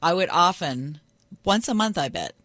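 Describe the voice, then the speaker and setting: A woman co-hosting a radio talk show, chatting and reminiscing with little pauses. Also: on the low side, sing-song, a bit bright, dry recording. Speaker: radio co-host. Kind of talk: casual chat.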